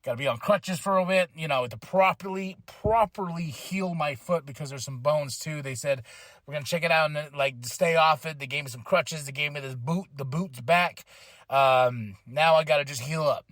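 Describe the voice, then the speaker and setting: A fairly high-voiced man talks through a wrestling show on his own podcast, animated and full of asides. His voice is recorded close and dry, with no room sound. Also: normal speed, dry recording. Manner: animated and rambling, with impressions and asides. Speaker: podcast host. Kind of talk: casual wrestling recap.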